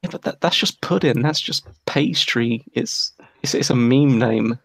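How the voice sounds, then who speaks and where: A man's voice: mid-range voice, measured pace, fairly bright tone, no room sound. A man with an English accent, co-hosting a livestream in crude, sarcastic casual chat. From England. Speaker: livestream co-host.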